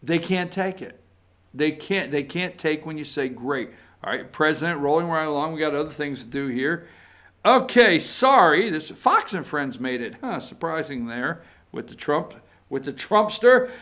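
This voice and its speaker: A man's voice: a little high, moderate pace. A man with a Southern US accent hosting a casual political talk show, reading posts aloud in a folksy, sarcastic way. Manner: folksy, sarcastic, animated when reading quotes. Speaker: political commentary host.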